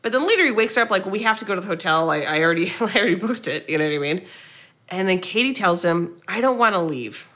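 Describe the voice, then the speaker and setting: A woman co-hosting a podcast, retelling a film's plot in a casual, animated way, quoting the characters and swearing now and then. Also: medium pitch, fast talker. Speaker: podcast co-host. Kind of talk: casual movie recap chat.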